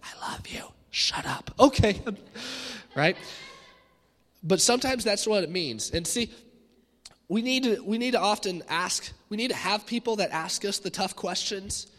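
A man with a high, bright and forceful voice preaches with lively energy and acts out the voices of people he quotes. His words carry the long echo of a large hall. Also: normal speed. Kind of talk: sermon. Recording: echoey hall.

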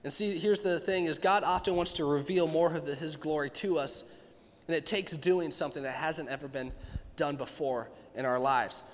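A man's voice: a little high, normal speed, big-room sound. A man preaching a sermon in an earnest, conversational way, acting out quotes and questions. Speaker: pastor.

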